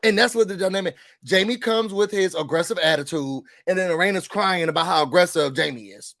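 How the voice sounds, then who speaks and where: Casting: man, high voice, dry close sound, animated show-review rant. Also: no echo. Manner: animated, exasperated, talks straight to the people on the show; mimics the show's people in quick put-on voices. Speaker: reality TV reviewer. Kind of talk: casual rant to camera.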